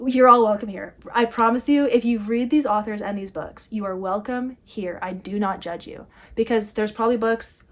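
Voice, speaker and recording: Young adult female vlogger, casual to-camera chat, slightly high voice, animated and self-interrupting. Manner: animated, self-interrupting, quick asides with laughs. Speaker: book vlogger.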